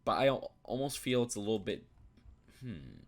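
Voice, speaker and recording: A man's voice: fairly low pitch, sing-song, normal speed. A young man giving casual commentary, thinking aloud with many fillers and restarts. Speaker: YouTube reviewer. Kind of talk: casual commentary while browsing.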